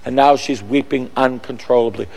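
Gravelly priest telling a story. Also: male voice, mid-range voice, moderate pace, darkish tone, in a large hall. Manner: chatty, rambling, searches for words mid-story. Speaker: Catholic priest, radio preacher. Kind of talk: storytelling testimony on a radio broadcast.

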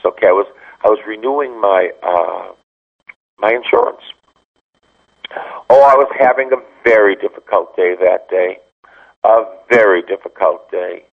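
Gravelly-voiced priest teaching on radio. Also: male voice, lowish voice. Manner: animated storytelling, acts out quoted dialogue. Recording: dull lo-fi radio sound.

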